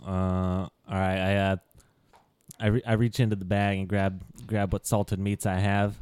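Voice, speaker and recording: Male player, deep and resonant, dry sound; halting, profane. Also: level tone, darkish tone, clear, resonant tone, no room sound. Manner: halting, stumbling restarts, heavy profanity. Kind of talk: tabletop role-play.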